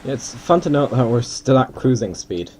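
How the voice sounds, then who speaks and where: A man's voice: mid-range voice, lively intonation, moderate pace, warm tone, slightly rough. A man from Ireland giving casual, rambling commentary while playing a flight simulator, thinking aloud and poking fun at himself. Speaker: gaming video host.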